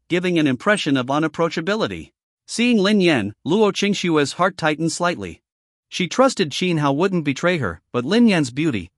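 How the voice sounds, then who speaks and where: A man's voice: a little high, dry recording, clean studio sound. A man narrating a story recap in a scripted style, reading every character's lines in his own voice.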